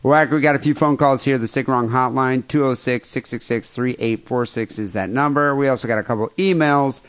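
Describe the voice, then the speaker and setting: A man's voice: mid-range voice, a little fast. A man hosting a podcast, chatting in a crude, joking way. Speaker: podcast host. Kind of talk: casual chat.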